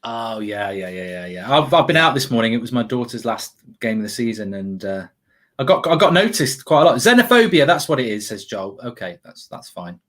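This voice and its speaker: A man's voice: fairly low pitch, lively intonation, fairly quick, a bit bright. A man hosting a casual football watchalong, chatty and jokey, rambling and reading out live chat comments. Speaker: host.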